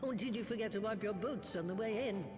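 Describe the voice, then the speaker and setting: A woman's voice: mid-range voice, fast talker, lightly acted. A woman voicing a cranky, scornful old witch in a video game, speaking sarcastically. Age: older. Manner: sarcastic, scolding. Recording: echoey game audio with long reverb. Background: game music.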